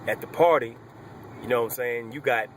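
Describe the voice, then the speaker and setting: A young man casually retelling a personal story, animated and slangy, with lots of fillers. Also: medium pitch, a little fast, a little hiss or hum.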